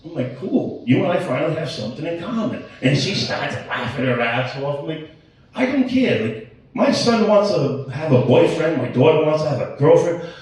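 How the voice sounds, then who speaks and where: Late 40s guy doing crude standup, swears constantly, pitch jumps all over, voice echoing off a room, sounds a bit far from the mic. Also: lively intonation, moderate pace, a little mellow. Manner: crude, profane, rambling with self-interruptions. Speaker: stand-up comedian. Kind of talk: open-mic stand-up set. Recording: echoey room, mic at a distance.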